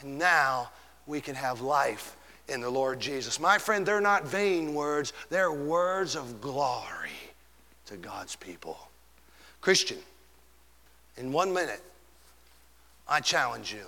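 A male pastor preaching a dramatic sermon, swinging from shouts down to hushed whispers. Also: medium pitch, lively intonation, slow pace, long pauses, in a large hall.

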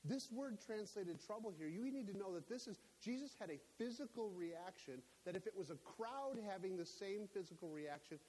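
A man preaching a sermon in a church, emphatic and climbing to near-shouts on his key points. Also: high voice, lively intonation, moderate pace, few pauses, husky. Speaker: pastor. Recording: echoey hall with faint hiss.

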